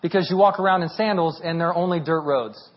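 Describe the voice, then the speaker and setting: Animated high-voiced male preacher. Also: fairly quick, lo-fi sound. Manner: animated, rising to near shouting at peaks. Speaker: pastor. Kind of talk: sermon.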